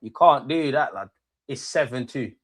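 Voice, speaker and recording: A man's voice: medium pitch, expressive, moderate pace, no echo, studio quality. A young man, a streamer ranting and mocking rival fans in slang-heavy banter during a live football watch-along. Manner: brash, mocking rants with London slang.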